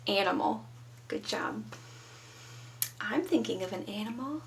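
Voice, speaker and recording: A woman's voice: medium pitch, lively intonation, measured pace, creaky, distant mic, a little hiss or hum, rough recording. A woman teaching young children from home, patiently prompting them to answer. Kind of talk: children's lesson.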